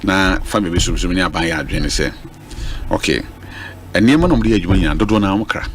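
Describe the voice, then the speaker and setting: A man talking on a radio panel, lively and switching between Twi and English. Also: low voice, fairly quick, a little hiss or hum.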